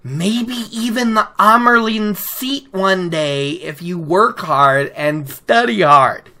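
A woman voicing a poised, powerful sorceress who mentors a young pupil, brisk and teasingly scolding. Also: medium pitch, sharp tone. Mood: encouraging.

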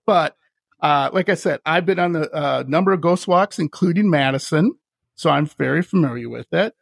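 Podcast host guy, gravelly and a bit high, laughs a lot while he tells stories, dry sound. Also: moderate pace, dry recording. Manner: animated, laughs often, acts out voices in his stories. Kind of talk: casual storytelling chat.

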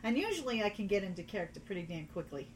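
A woman's voice: mid-range voice, rapid-fire. Woman player chatting, playful, voice jumps all over, faint room hum. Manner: animated, playful. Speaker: tabletop game player. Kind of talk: casual chat.

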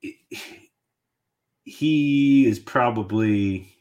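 A man hosting a podcast, rambling and thinking out loud in a casual sports chat. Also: mid-range voice, very slow, lo-fi sound. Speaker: podcast host.

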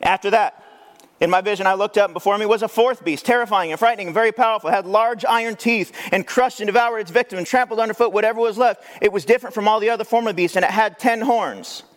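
A male pastor preaching a sermon in a conversational, animated way, with rhetorical questions. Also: quick pace. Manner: animated, acts out quoted voices with big pitch jumps.

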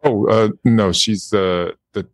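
A man's voice: fairly low pitch, steady tone, slow pace, noisy background. A man guest voice actor in a casual interview chat, laughing often and speaking hesitantly with many fillers.

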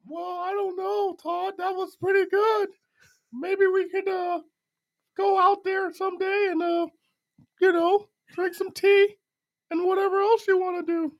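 A man doing an impression of a slow, eerie old wrestling manager. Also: extremely high pitch, little pitch movement, pitched above the performer's own voice, rough recording. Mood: creepy.

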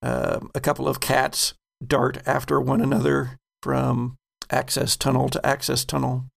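A man narrating a tabletop game as game master, unhurried and halting with many fillers. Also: medium pitch, completely flat delivery, vocal fry.

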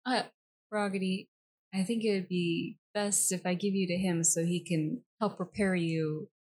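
A woman's voice: fairly low pitch, fairly even intonation, measured pace, a little mellow, breathy edge. A woman playing a tabletop game, casual and playful. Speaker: player.

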